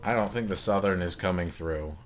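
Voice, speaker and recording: A man's voice: sits low, a little fast, faint music behind. A man giving casual gameplay commentary, rambling and apologetic, often putting himself down. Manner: rambling, apologetic, self-deprecating. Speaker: let's play gamer.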